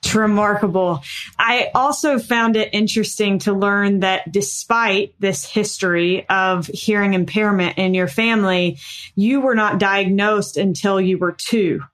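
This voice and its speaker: A woman's voice: medium pitch, steady tone, unhurried, fairly bright tone. A woman interviewer asking questions in an admiring, engaged way.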